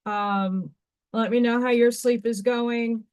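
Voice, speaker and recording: Slow-talking, higher-voiced woman craft host. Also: clear, resonant tone. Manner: chatty, excitable, talks to herself while working. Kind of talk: casual live-stream chat while crafting.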